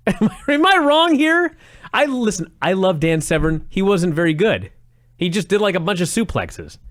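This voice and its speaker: A man's voice: high voice, normal speed, dry recording. Guy cohosting a wrestling podcast, sarcastic, laughs a lot, voice jumps all over, dry close mic. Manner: animated, sarcastic, laughs often. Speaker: podcast co-host. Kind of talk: casual chat reviewing old wrestling.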